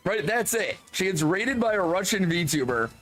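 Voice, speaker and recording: A man with a fairly high voice talks into his streaming mic, ranting in exasperation. He swears freely and fills his sentences with "like." Soft music plays faintly underneath. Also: sing-song, moderate pace, rough recording. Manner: exasperated, profane ranting with many "like" fillers. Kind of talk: casual stream commentary.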